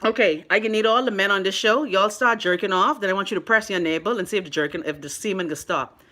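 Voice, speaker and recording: This livestream host is a Bahamian woman talking casually into her phone and reading viewer comments. Her pitch is medium and she talks fast, laughing often in an animated, teasing style.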